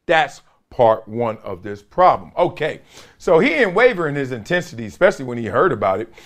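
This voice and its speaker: A man's voice: medium pitch, sing-song, a little fast, a bit bright. A middle-aged man hosting a sports talk show, commenting casually and playfully, laughing often and mimicking coaches.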